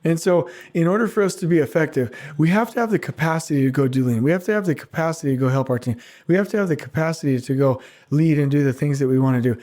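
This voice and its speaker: A middle-aged man hosting a podcast alone, talking casually and teasing his listeners with quick asides. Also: a little high, a little mellow. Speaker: podcast host. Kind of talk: casual solo podcast monologue.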